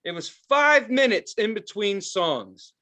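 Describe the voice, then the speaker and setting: A man's voice: high-pitched, lively intonation, slow pace, pushed and bright. Exasperated, foul-mouthed man ranting. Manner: profane, exasperated storytelling. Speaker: podcast co-host. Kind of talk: casual ranting chat.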